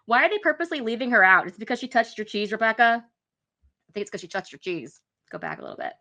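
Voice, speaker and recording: Woman host commenting over clips; bright voice, casual and giggly. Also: fairly high pitch, big pitch swings, fast talker. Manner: laughs often, pointing out faces. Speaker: reaction video host.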